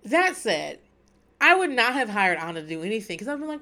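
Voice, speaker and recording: A podcast host gives a casual, candid recap chat, swearing freely and laughing often. Her medium-pitched voice is very animated, sharp in tone, and a little fast.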